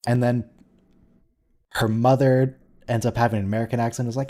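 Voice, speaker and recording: A man's voice: mid-range voice, flat delivery, fairly quick, long pauses, warm tone. A man hosting a watch-along, chatting casually and thinking aloud as he comments on the episode. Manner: musing, conversational, thinks aloud with restarts.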